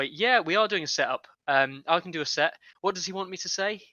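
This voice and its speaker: A man's voice: a little high, lively intonation, a little fast, bright, forceful tone, no room sound. Male co-commentator, slightly drunk, rambling jokes, dry and slightly dull mic sound. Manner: joking, rambling, self-deprecating. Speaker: commentator and co-host. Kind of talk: casual live stream commentary.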